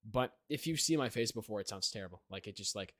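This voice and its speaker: Hosting a podcast, a teenage young man rambles through a story in casual chat, scattering fillers and "right?" check-ins. His voice is on the low side and fairly bright, animated and fast. Studio quality, with no room sound.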